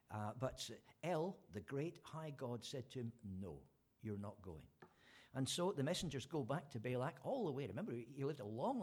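A man's voice: a little high, darkish tone, slightly rough. A man preaching an informal sermon, retelling a story in a chatty way with fillers and restarts.

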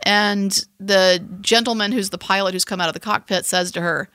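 A woman co-hosting a casual podcast, telling a story in a playful, animated way. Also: mid-range voice, moderate pace, clean tone, no room sound, studio quality. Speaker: podcast co-host. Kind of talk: casual chat.

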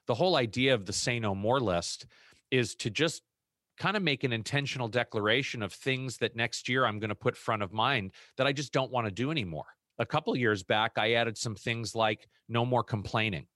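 A middle-aged man co-hosting a podcast in casual chat, reflective and unhurried, laughing easily. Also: medium pitch, a bit bright, no echo, clean studio sound. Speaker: podcast co-host.

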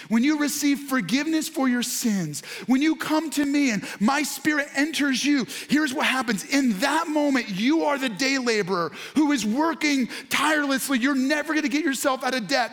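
A pastor delivers a sermon in a strikingly high male voice. He talks straight to the people in front of him and to those watching online, and often breaks into excited, shouted bursts. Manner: addresses congregation and online viewers directly.

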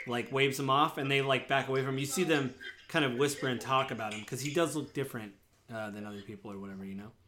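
A man's voice: medium pitch, noisy background. A man narrating as game master of a tabletop game, loose and rambling with lots of fillers.

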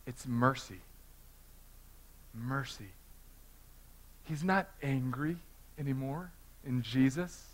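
A man preaching a sermon as pastor, swinging from hushed, intimate talk to loud, fervent passages and often repeating words. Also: mid-range voice, slow, pauses often.

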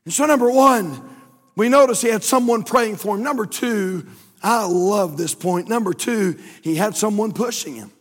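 Preaching in a church sanctuary, a male pastor tells a story in a folksy way, building emphasis through repeated phrases. His voice is high-pitched and moderately paced, and the recording carries a long church hall reverb.

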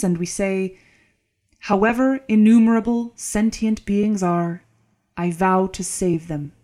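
A woman voicing a gentle foreign monk who speaks with a calm, sing-song lilt in an audiobook. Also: medium pitch, close to an everyday voice.

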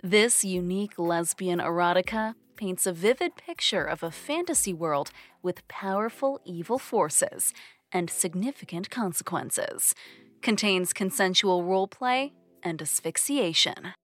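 A woman podcast host reading book descriptions and show announcements in a crisp, announcing voice. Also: fairly low pitch, lively intonation, a little slow.

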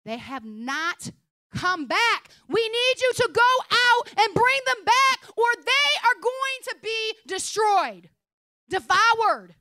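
A young woman pastor preaching a conversational, humorous sermon in a blunt, animated way. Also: very high-pitched, takes it slowly, no room sound. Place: church sanctuary.

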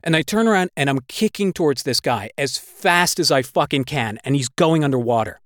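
A man's voice: a little high, lively intonation, fairly quick, fairly bright tone, dry recording. A man recounts a gripping personal story, swearing freely as the words tumble out. His delivery turns heavy with emotion at times. The sound is dry and close, with no room around it. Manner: swears constantly, breathless retelling; emotional, gets worked up.

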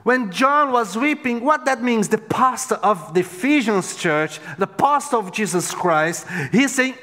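Slow, high-voiced man preaching in a hall. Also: big pitch swings. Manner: dramatic swings between loud exclamations and near-whispers. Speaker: pastor. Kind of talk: sermon. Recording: long hall reverb.

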